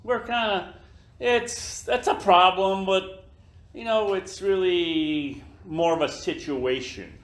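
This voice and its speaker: An older man giving a slow, emphatic motivational talk to his team in an office meeting room, now and then acting out little scenes in other voices. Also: high-pitched. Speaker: business leader speaking to his team. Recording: echoey room.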